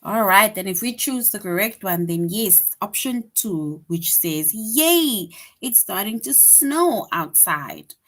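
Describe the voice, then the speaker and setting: Teaching little kids online, a woman whose voice sits on the low side moves slowly and deliberately through the grade-school lesson. She repeats things patiently, checks in with "right?" again and again, and brings her example sentences to life with bursts of expression.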